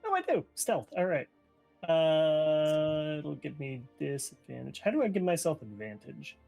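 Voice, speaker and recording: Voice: medium pitch, big pitch swings, a little slow, gravelly, dark tone, soft background music. A player in a tabletop game, easygoing and chatty while rolling dice. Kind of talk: casual tabletop play.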